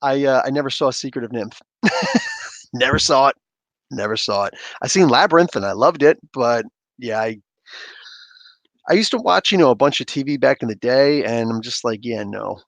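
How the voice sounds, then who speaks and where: A man hosting a casual livestream, reading chat aloud and chatting in an animated way with frequent laughter. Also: mid-range voice, fairly quick, dry recording. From Canada. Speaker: livestream host.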